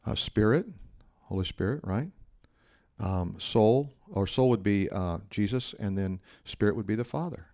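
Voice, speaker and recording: A man's voice: fairly low pitch, unhurried, a little mellow. A man, a pastor, giving a sermon in a conversational, humorous style full of anecdotes.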